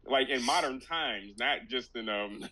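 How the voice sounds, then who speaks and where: Easygoing, bright-voiced man who laughs a lot. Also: mid-range voice, measured pace, no room sound, poor audio. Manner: easygoing, laughs often, does mock impressions. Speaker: podcast co-host. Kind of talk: casual movie-review chat.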